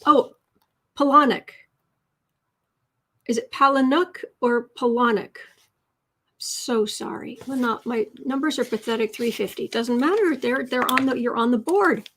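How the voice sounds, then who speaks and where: A woman with a slightly high voice hosts a casual writing livestream. She chats with viewers, reads their comments aloud and corrects herself as she goes. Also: normal speed, a little hiss or hum. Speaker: livestream host and writing coach.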